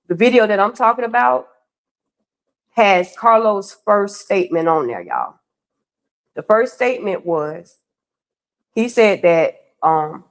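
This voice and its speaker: A woman holds forth on a live stream in a blunt, profane rant. She keeps turning to her viewers as she vents. Her voice sits at an ordinary middle pitch. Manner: blunt, profane, ranting, addresses viewers as y'all. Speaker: livestream co-host. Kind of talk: heated casual live commentary.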